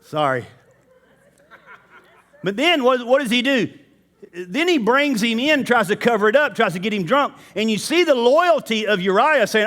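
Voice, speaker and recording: A man's voice: very high voice, very animated, moderate pace, long pauses, a bit bright. A man preaching a sermon in church, talking casually and straight to the congregation. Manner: conversational, addresses the congregation directly.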